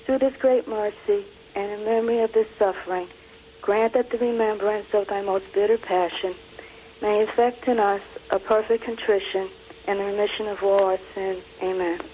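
A woman calls in and recites an old-fashioned prayer in an earnest, measured way. Her voice comes through a muffled phone line with a faint hiss behind it. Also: medium pitch, steady tone. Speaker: caller.

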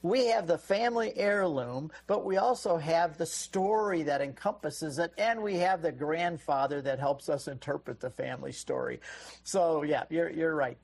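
A man's voice: on the high side, vocal fry. A man answering callers' questions on a call-in radio show, explaining in a teacherly way. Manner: explanatory, teacherly, laughs often. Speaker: radio show guest expert.

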